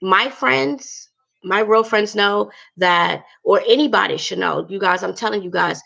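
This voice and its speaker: An upset woman speaks straight to her viewers in a heavily gravelly, fry-laden voice. She is chatty and emphatic, circling back over her points. Her pitch sits in an ordinary middle range for a woman. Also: measured pace, a bit bright. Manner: chatty, emphatic, repeats herself, addresses viewers as you guys. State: emotional, upset. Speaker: vlogger. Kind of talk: emotional personal vlog rant.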